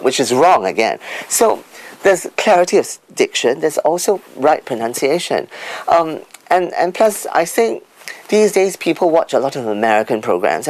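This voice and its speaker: A man answering interview questions as an expert guest, teaching word stress by sounding out examples, with lively pitch swings. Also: poor audio.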